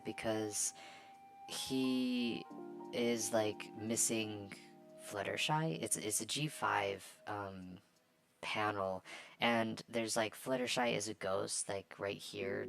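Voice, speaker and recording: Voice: medium pitch, gravelly. A young adult fan rambling casually while drawing, hesitant, with many fillers and restarts. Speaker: fan commentator. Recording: music playing behind the voice.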